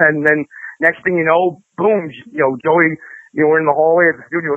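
A fast-talking man with a slightly high voice, rambling through his stories with many fillers and restarts. The sound is dry and tinny, like a phone call. He is a guest in a casual chat. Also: steady tone, no room sound. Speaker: interview guest, guitarist.

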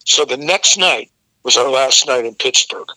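Older male singer guest, very bright cutting voice, dry close sound, salty storyteller. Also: mid-range voice, moderate pace, no echo, rough recording. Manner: profane, vivid storyteller who acts out the people in his story. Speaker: guest vocalist. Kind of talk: storytelling in a casual interview.

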